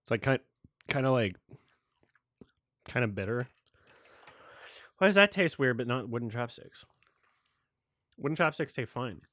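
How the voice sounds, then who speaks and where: A man's voice: medium pitch, animated, a little slow, long pauses, a bit bright, no room sound. A man hosting a movie watch-along, rambling in loose casual commentary, often restarting and laughing.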